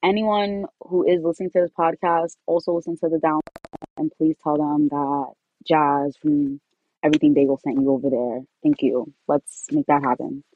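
A woman co-hosting a podcast in a laid-back, slangy way, quick to laugh. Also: low voice, flat delivery, phone-quality sound. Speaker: podcast co-host. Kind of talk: casual chat.

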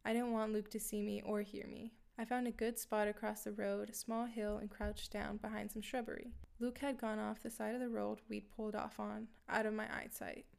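Gravelly woman narrating a horror story. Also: medium pitch, flat delivery, moderate pace, few pauses, darkish tone. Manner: matter-of-fact, dry asides to listeners.

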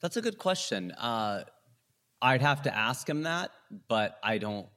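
A man speaking as a comedian guest on a podcast, talking deliberately and playing with his pitch and loudness for emphasis. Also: big pitch swings. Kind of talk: casual interview chat.

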